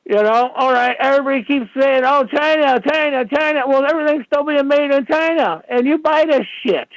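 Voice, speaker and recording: A man's voice: very high voice, a little fast. A man hosting a talk radio show, ranting in a rambling monologue packed with "you know"s, on dull lo-fi audio. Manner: ranting, filler-heavy, many "you know"s.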